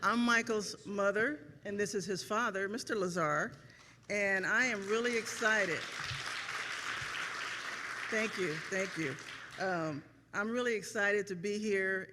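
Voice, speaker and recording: A middle-aged woman giving an emotional, grateful speech as a parent at a ceremony, with many pauses and ums. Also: medium pitch, sharp tone, in a large hall, a faint crowd, slight background noise. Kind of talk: heartfelt speech. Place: event hall.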